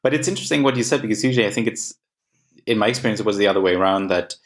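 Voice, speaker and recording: A man's voice: on the low side, racing. A man from Germany co-hosting a podcast, talking thoughtfully with hedges and laughing along with the others. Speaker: podcast co-host. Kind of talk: casual podcast chat.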